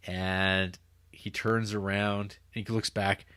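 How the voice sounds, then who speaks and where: Rambling low-voiced man on a podcast. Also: flat delivery, takes it slowly, bright, forceful tone, smooth, no room sound. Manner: rambling, self-interrupting, acting out scenes with quoted voices. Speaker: podcast co-host. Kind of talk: casual chat recapping a film.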